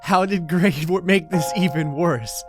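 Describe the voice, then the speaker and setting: A man's voice: high-pitched, unhurried, over music. A man voicing a despairing male Sim who can't believe his house got worse.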